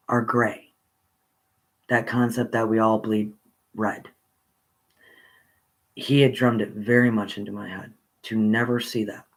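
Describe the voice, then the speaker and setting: Speaking informally, a man wanders through a personal tale from his childhood with frequent pauses and fresh starts. His pitch lifts as he grows excited.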